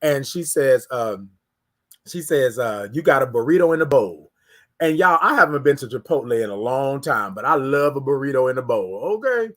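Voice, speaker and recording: A man hosting a casual morning livestream, telling a story with lively quoted voices and repeated words. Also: medium pitch, moderate pace. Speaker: host.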